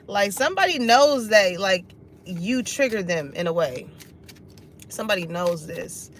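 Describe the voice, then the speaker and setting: A woman's voice: medium pitch, expressive, a little slow, fairly bright tone, slight background noise. A woman giving a casual tarot reading, laughing often and swearing freely. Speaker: tarot reader.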